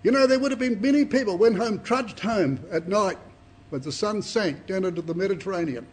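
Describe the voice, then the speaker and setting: A man's voice: sits high, brisk, husky. A man preaching a Bible study to a congregation, reading scripture dramatically and asking rhetorical questions.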